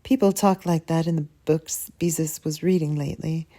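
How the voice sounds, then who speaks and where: A woman reading a children's chapter book aloud with expressive storytelling. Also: sits low, moderate pace. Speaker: reader.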